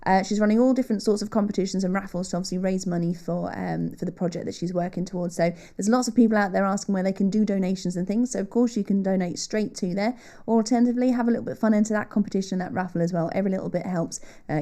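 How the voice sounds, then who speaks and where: A woman co-hosting a live online chat show, quick and bubbly as she reads out updates. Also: medium pitch, fairly even intonation, dark tone. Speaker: co-host.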